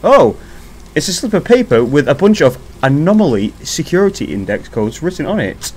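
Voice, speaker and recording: A man's voice: on the high side, big pitch swings, normal speed, a little mellow, breathy edge. A young man giving casual, jokey commentary while playing a horror game, swearing and talking back to the game. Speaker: gaming commentator. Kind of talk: casual let's-play commentary.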